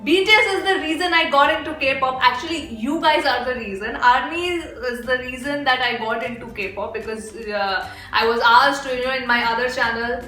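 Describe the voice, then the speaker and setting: A young woman from India hosting a K-pop reaction video, gushing and excitable, repeating herself and bursting into squeals. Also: fairly high pitch, roomy sound.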